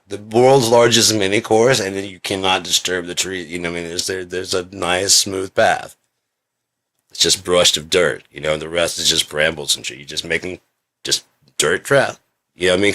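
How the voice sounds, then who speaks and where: Deep-voiced man rambling and coughing. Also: fairly bright tone. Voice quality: frequent coughing. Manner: rambling, swears, coughs often, acts out quotes. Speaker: video creator. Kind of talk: rambling monologue.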